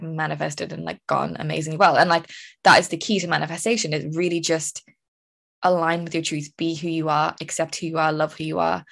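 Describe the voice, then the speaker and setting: A young woman from Ireland hosting a casual solo podcast, telling stories in a chatty, animated way with frequent laughs. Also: deep voice, creaky. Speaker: podcast host.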